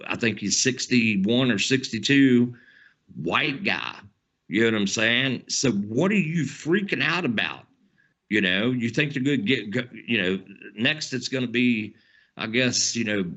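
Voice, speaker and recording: A man with a Southern twang rants hard and rambles, swearing freely and tossing in "man" every few phrases. His voice is bright and tense, and the dull lo-fi recording rounds off its top end. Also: mid-range voice. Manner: profane, rambling, says "man" often. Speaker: channel host. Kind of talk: heated political rant to camera.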